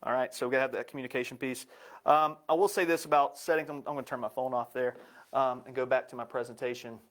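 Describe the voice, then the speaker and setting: A man's voice: medium pitch, fairly even intonation, fast talker. A man giving a live presentation in an upbeat, joking way.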